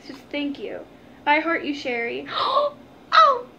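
A woman's voice: high voice, takes it slowly, gravelly, lo-fi sound, noisy background. A young woman chatting to her viewers in a casual unboxing vlog, gushing and giggling, calling them "guys". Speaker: vlogger.

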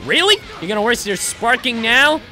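A young man giving excited gameplay commentary, yelling and trash-talking his opponent as he plays a fighting game. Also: very high-pitched, moderate pace, soft background music. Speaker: gaming YouTuber playing a fighting game.

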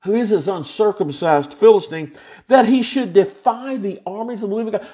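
A man's voice: high-pitched, normal speed, warm tone. A male pastor teaching an informal Bible study, retelling scripture in a folksy, plain-spoken way.

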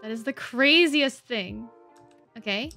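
A woman's voice: a little high, animated, slow pace, creaky, sharp tone, soft background music. A woman hosting a let's play, chatting playfully through her gameplay and laughing often. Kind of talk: casual gameplay commentary.

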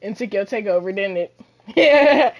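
A woman giving loud, boastful trash-talk commentary while playing a basketball video game, often shouting. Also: mid-range voice, animated, measured pace. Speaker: gamer. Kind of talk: live gameplay commentary.

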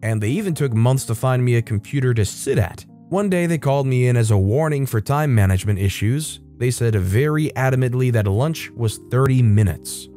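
Man narrating stories, mid-pitched voice, casual wry asides, faint guitar music underneath. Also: a little mellow. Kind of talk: reading stories aloud with comments.

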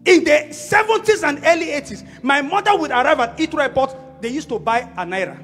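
A middle-aged Nigerian man delivers a loud, emphatic sermon in a strikingly high voice. His pitch leaps and dips as he repeats phrases for weight, with faint music under him. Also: animated, a little fast. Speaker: preacher.

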